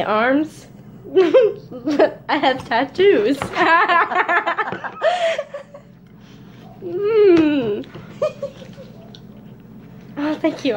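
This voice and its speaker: A woman's voice: high-pitched, lively intonation, very slow, long pauses, dull audio. A young woman vlogger chatting casually through a challenge video, giggling often. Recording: noisy home recording.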